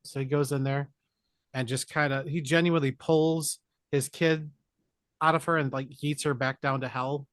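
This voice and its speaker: A man's voice: fairly high pitch, moderate pace, dry recording, clean studio sound. A man co-hosting a podcast, casually and jokingly retelling a film plot and acting out the characters' lines. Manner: animated, jokey retelling with put-on character lines. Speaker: podcast co-host. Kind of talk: casual movie recap chat.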